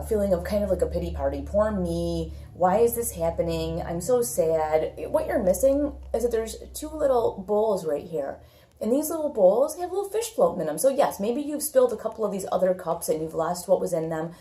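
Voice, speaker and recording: A woman's voice: lowish voice, warm tone. Blunt woman tarot reader, echoey room. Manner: blunt, repetitive, thinks aloud with many fillers. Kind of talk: casual tarot reading monologue.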